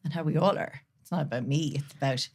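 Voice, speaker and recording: A woman guest on a podcast, speaking earnestly and from the heart, sometimes dropping to a soft near-whisper. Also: low-pitched, quick pace. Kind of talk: candid conversational interview.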